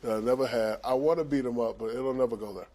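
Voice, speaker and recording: A man's voice: medium pitch, fairly even intonation, fast, mellow. A man, a studio analyst, telling a story in casual panel chat and acting out the quotes with animation.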